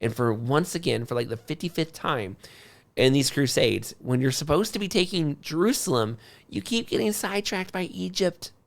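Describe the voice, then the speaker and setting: Pitched on the high side and gravelly, this man's voice moves at a moderate pace as he co-hosts a podcast. He tells history stories conversationally and brings quotes to life by performing them vividly.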